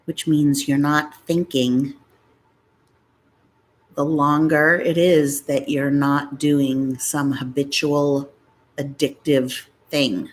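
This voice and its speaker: A middle-aged mukbang vlogger with a low voice chats casually on a live stream, rambling and talking straight to her viewers. The recording quality is low.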